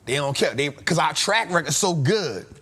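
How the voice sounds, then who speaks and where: Man, show host, casual storytelling, slangy, lively up-and-down voice, a bit high. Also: moderate pace, slightly rough. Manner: animated and slangy, laughs often.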